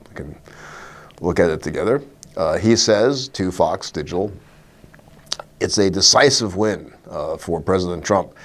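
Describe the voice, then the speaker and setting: A man with a low voice gives solo legal commentary. He talks in a wry, animated way, dropping in short laughs and fillers as he picks apart the news. He sounds middle-aged.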